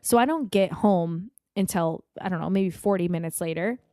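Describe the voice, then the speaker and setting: A woman guest on a podcast, telling a long anecdote in an animated, profane way. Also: on the low side, moderate pace, dry recording, studio quality.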